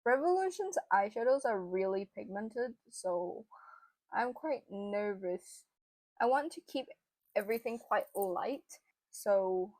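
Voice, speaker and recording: A woman's voice: medium pitch, a little mellow, no room sound. A young woman narrating a makeup tutorial in a chatty, casual way, with lots of fillers. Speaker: beauty vlogger.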